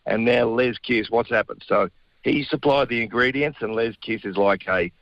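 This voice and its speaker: A man's voice: medium pitch, moderate pace, no room sound, muffled recording. A middle-aged man with an Australian accent, a regular radio guest talking sport in blokey, laughing banter. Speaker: radio guest, former rugby player. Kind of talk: casual sports chat.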